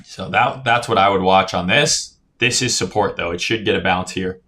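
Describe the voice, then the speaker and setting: Guy going over crypto charts on stream, lowish voice but bright, swears a lot, keeps saying right. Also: moderate pace. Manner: casual, profane, reads chat aloud, says "right?" often. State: yawning, tired. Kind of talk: casual chart analysis livestream.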